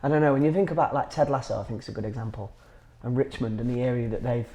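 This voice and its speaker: A man's voice: mid-range voice, very fast, darkish tone. A man with a Grimsby accent, an actor chatting as a guest, rambling with many restarts. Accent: Grimsby, Lincolnshire. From England. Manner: rambling, restarts often, says "it's kind of like". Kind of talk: casual chat.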